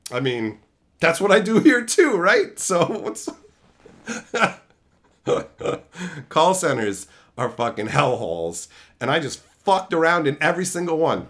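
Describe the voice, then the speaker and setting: A man telling brash, profane stories in a casual stream chat. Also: a little high. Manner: profane, brash, animated storytelling.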